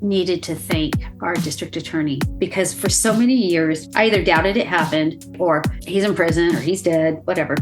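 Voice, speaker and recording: A woman in her sixties telling a painful personal story as a podcast guest, tearful and halting, with restarts and stutters. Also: on the low side. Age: 60s.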